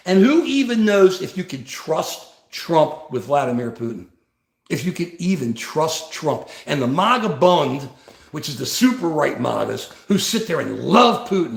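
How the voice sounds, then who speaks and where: Impassioned man, high lively voice. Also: gravelly. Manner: impassioned, rhetorical questions, repeats words. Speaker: livestream host. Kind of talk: political commentary livestream. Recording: echoey room.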